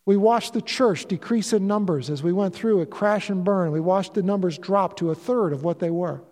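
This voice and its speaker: A pastor in his fifties preaches a sermon with a notably high voice for a man. He speaks earnestly and confessionally, pressing into emphatic, rising declarations. His voice rings with the long reverb of a large church hall. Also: normal speed, a little mellow. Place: church sanctuary.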